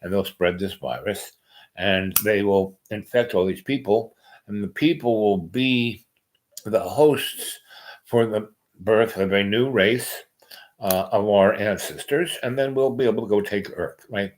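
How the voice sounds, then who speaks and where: A man's voice: fairly low pitch, unhurried, low-quality recording. A man hosting a podcast, talking in a meandering casual monologue with many fillers and restarts. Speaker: podcast host.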